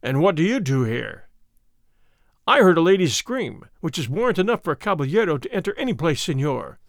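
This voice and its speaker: A man's voice: a little high, sing-song, a little fast, gravelly, dry recording, clean studio sound. A man voicing an arrogant, wounded male army captain in an audiobook reading, indignant and blustering. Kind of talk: audiobook character voice.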